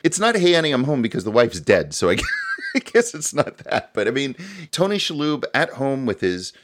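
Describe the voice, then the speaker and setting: A man co-hosting a casual podcast, picking apart a film he watched. His voice rises and falls a lot, and he breaks into laughter as he acts out scenes. His pitch sits in the middle for a man. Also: moderate pace, background noise. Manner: animated, laughs often, acts out quotes from scenes. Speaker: podcast co-host reviewing a film. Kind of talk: casual chat.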